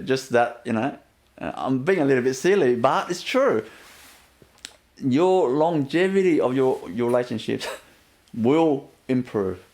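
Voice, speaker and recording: A man giving a gentle inspirational talk as a spiritual teacher, often laughing softly and leaning on "you know" as he repeats himself. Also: mid-range voice. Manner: repetitive, fills with "you know".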